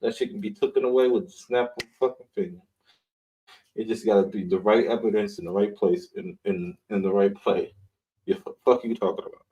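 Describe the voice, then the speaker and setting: A man's voice: on the low side, steady tone, brisk, dark tone, dull audio. A man hosting a live online show, riffing in blunt, mocking casual commentary and swearing freely.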